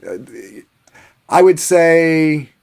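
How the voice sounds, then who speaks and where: A man from New Jersey spins a long casual story, packing it with fillers, restarts and swearing. His voice sits a little higher than most men's. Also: fairly even intonation, very slow, a little mellow, clear, resonant tone. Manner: rambling, filler-heavy, swearing. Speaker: podcast panelist.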